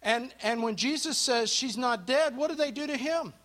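A man's voice: very high voice, moderate pace. A man teaching an interactive Bible study to a live group, telling the story and asking his listeners questions. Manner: asks the group questions and thanks responders; storytelling, drops to a hush for dramatic moments.

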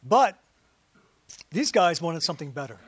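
A man with a high-pitched voice preaches a relaxed, conversational sermon. He keeps throwing rhetorical questions and quick asides at his congregation. The sound is close and dry, with almost no room around it. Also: husky, no echo. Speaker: pastor.

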